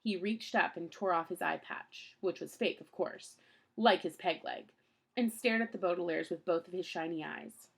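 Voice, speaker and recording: A woman's voice: lowish voice, moderate pace, gravelly, breathy edge. A woman reading a children's novel aloud in a plain storytelling voice, with a few small slips. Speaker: audiobook reader.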